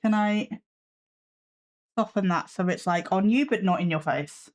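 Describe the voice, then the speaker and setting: A woman's voice: mid-range voice, measured pace. A woman hosting a casual live stream from her desk at home, chatting with viewers and her cat with a sarcastic, self-mocking humor.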